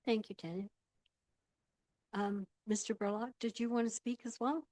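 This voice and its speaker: Woman mayor running a council meeting, higher voice, polite and procedural, dry mic. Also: fairly even intonation, normal speed, a little mellow, no room sound.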